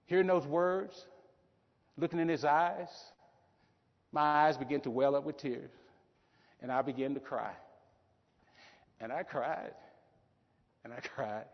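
A middle-aged man with a voice pitched a bit high for a man tells a story from a stage, with feeling, leaning on repeated phrases. The sound is muffled and slightly dull, with a long reverb trailing behind him in a large hall. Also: steady tone, measured pace, pauses often. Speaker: motivational keynote speaker. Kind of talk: motivational keynote speech.

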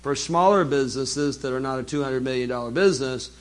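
A man giving a live business seminar, lively and jokey, speaking straight to the audience. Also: medium pitch, fairly quick.

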